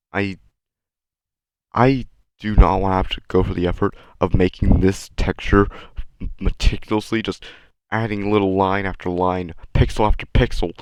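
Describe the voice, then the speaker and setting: A young man with a low voice rambles through a casual, self-mocking video commentary, a little sick with the odd cough. The sound is dry and close, with no room echo. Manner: self-deprecating, rambling, sarcastic. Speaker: channel host. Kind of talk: casual rambling commentary over his animation.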